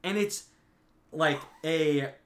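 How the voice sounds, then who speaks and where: A man casually recapping a film plot with lots of fillers, animated like a storyteller. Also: a little high, very slow, heavy background noise.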